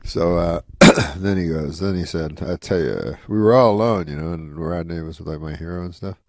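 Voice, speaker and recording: A man's voice: deep voice, fairly even intonation, moderate pace, no room sound. A man telling a rambling anecdote in an interview, dry and full of "you know.". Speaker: guest comedian.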